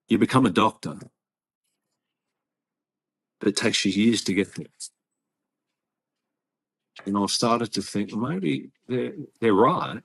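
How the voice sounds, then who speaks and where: A man with an Australian accent, a guest in an interview, telling his story earnestly and haltingly with many restarts. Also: lowish voice. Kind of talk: casual interview conversation.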